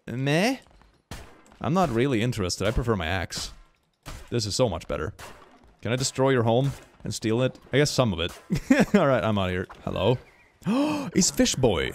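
Goofy young man, bouncy pitch. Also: very animated, moderate pace, slight background noise. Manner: playful and goofy, with silly sound effects. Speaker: gaming YouTuber. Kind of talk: let's play commentary.

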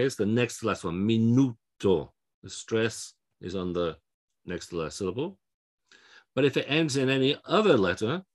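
A man teaching Spanish pronunciation in a lecture, explaining rules step by step and often checking in with "okay?". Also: low-pitched. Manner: explanatory, frequent fillers and restarts, checks in with okay. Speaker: Spanish language instructor.

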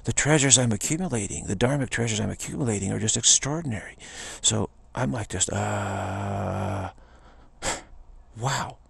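A man's voice: fairly low pitch, lively intonation, moderate pace, vocal fry, a bit bright, husky, no room sound. A man giving an informal spiritual talk in a rambling, repetitive way, often slipping into quoted voices. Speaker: spiritual teacher.

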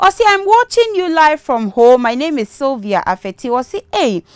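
A woman's voice: high-pitched, very animated, moderate pace, no room sound. A woman with a Ghanaian accent hosting a church call-in program, reading viewer messages aloud and blessing each sender. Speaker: host.

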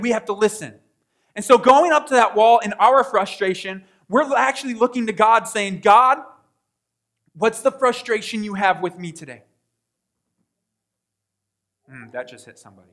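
A male pastor with a notably high voice preaches to his congregation in a conversational style. He keeps asking rhetorical questions and voices his own prayers aloud. His delivery moves between hushed asides and sudden loud bursts. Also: lively intonation, a little slow, pauses often. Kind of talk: sermon.

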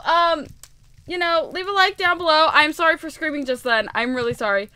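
A woman's voice: sits high, fairly quick, pushed and bright, slight background noise. A young woman giving casual, rambling commentary while playing a video game, chatty and giggly. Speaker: gaming YouTuber.

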